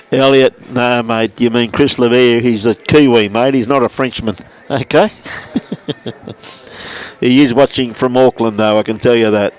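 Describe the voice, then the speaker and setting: An Australian man calls a lawn bowls match from indoors behind a window. His talk is chatty and matey, and he keeps breaking off to greet viewers by name. His voice sits at an ordinary middle pitch. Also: steady tone, a little slow, long pauses. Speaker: lawn bowls livestream commentator. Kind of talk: live sports commentary with viewer shout-outs. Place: indoors behind a glass window beside the green.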